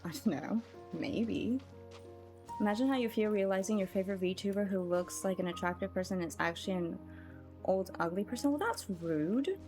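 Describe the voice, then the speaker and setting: A woman's voice: medium pitch, expressive, normal speed, a little mellow, faint music behind. A woman streamer chatting casually with her chat while gaming, musing and talking straight to them.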